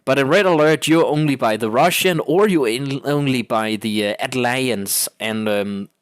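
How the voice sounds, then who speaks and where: Young danish guy rambling about old games, laughs a lot, mid pitch, dry close sound. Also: moderate pace, no echo. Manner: rambling, laughs often, swears casually. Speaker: gaming channel host. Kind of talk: casual rambling gaming commentary.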